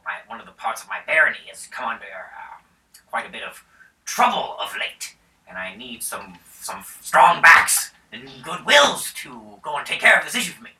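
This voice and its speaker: A man's voice: mid-range voice, sharp tone, pitched above the performer's own voice. A man voicing a pompous middle-aged baron who hires adventurers, declaiming grandly. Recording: roomy sound from a distance.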